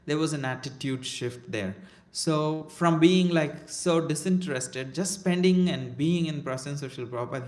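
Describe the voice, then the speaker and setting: A man's voice: on the high side, a little mellow. Man telling a spiritual story, echoey room. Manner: retells a story with quoted dialogue and frequent "uh" and "like". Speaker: guest speaker at a devotional center.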